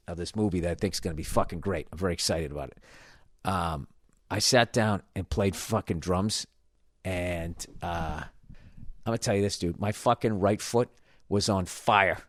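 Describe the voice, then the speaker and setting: A man's voice: low-pitched, no room sound, studio quality. A man hosting a podcast, telling a story in a casual, profane, self-mocking rant. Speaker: podcast host.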